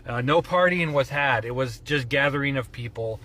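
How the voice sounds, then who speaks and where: A man speaking to camera in a dry, deadpan sarcastic bit. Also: mid-range voice, normal speed. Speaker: social media poster.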